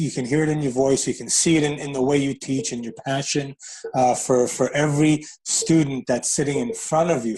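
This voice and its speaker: A man's voice: medium pitch, darkish tone, low-quality recording. A man from New York City hosting an interview, encouraging and rambling with many fillers. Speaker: host. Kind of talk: casual interview.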